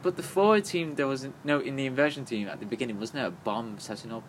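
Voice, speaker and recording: Male podcast co-host, mid-pitched, rambling and halting, faint noise floor. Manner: rambling, halting, full of fillers and restarts. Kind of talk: casual chat.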